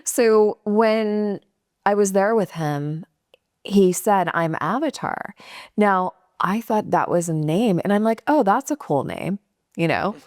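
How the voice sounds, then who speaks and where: A middle-aged woman from California telling a personal story in a casual, animated way, acting out the quotes. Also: medium pitch, takes it slowly, no echo, studio quality. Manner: animated, acts out quotes with laughs. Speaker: guest storyteller.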